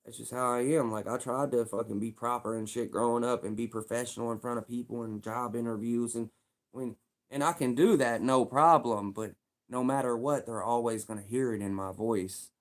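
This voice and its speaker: A man's voice: mid-range voice, fairly even intonation, moderate pace. Casting note: young Louisville, Kentucky man, casual livestream rambler, streetwise slang, repetitive.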